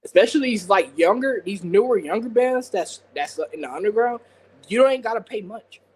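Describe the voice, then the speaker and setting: A man's voice: high voice, lively intonation, normal speed, darkish tone, husky, poor audio. A man co-hosting a casual wrestling podcast, rambling with many fillers and frequent laughs. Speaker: podcast co-host. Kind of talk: casual chat.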